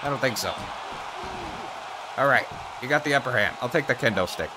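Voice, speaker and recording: Male gaming YouTuber, animated pitch, foul-mouthed trash talk, noisy background. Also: brisk. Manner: profane trash-talking, excited outbursts. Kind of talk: comedic gameplay commentary.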